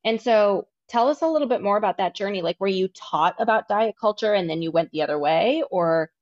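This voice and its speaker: A woman's voice: medium pitch, lively intonation, brisk, a little mellow. A woman hosting a podcast interview, candid and chatty, who swears casually. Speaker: podcast host. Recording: dull lo-fi audio.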